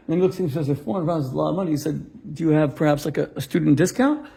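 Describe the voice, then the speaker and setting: A middle-aged male rabbi tells a story in a sermon to a live audience, acting out both sides of a conversation and landing punchlines. His voice sits on the high side with vocal fry, animated and brisk, against a noisy background.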